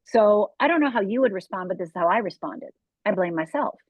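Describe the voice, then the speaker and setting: A woman's voice: medium pitch, lively intonation, fairly quick, no room sound. A woman from Upper Michigan, a life coach and author, telling her own story in an interview, candid and direct with asides to the listener. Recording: tinny phone-like dry sound.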